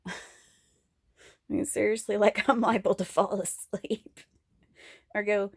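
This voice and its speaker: A woman chats on camera from her home in a loose, rambling monologue, candid and profane, laughing often as she goes. Her mid-pitched voice carries a gravelly fry. The recording is close and dry, with no room sound. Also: steady tone, slow pace, long pauses, dry recording. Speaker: vlogger.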